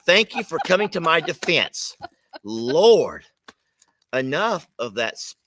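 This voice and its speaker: Animated man, playful and teasing. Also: a little high, slow pace, background noise. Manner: playful, mock-exasperated teasing. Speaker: co-host opening fan mail. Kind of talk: casual chat.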